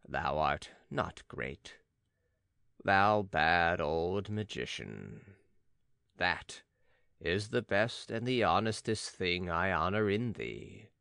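A stern prophet-sage , read by a man, with a deep, low voice that still rises and falls expressively. He declaims gravely and unhurriedly in archaic phrasing, recorded dry and close. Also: fairly bright tone, no room sound, heavily acted. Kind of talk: audiobook dramatic reading.

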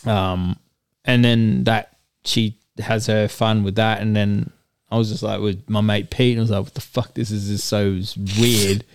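Smooth-voiced man telling a story. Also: fairly low pitch, unhurried, no echo, studio quality. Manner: rambling crude anecdote, animated quoting. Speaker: storyteller guest. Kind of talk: casual podcast chat.

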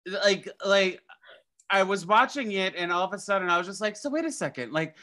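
A young man, a podcast guest, chatting casually in an animated, rambling way with many restarts. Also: high voice, normal speed. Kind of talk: casual chat.

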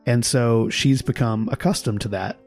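Measured man explaining on a podcast. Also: mid-range voice, gravelly, darkish tone, faint music behind. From Texas. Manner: explanatory, measured, laughs at his own examples. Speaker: podcast guest, linguist. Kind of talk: casual conversation.

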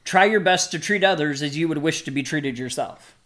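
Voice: medium pitch, brisk, a bit bright. A podcast host in recovery, talking reflectively in casual chat and telling stories with frequent fillers.

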